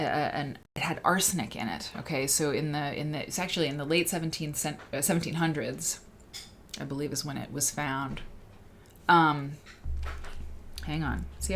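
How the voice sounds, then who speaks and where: A woman with a deep, low voice hosts a relaxed livestream. She rambles and cuts herself off mid-thought, stopping to greet viewers by name. A faint noise sits under her voice. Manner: rambling, chatty, self-interrupting. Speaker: livestream host. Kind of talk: casual livestream chat.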